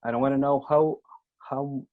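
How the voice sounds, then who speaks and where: A man's voice: steady tone, normal speed, no echo. A man interviewing a guest in English, his second language after Spanish. He stops and searches for his words. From Chile. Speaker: interviewer, film critic. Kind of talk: interview questions. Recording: dull, dry, low-fidelity sound.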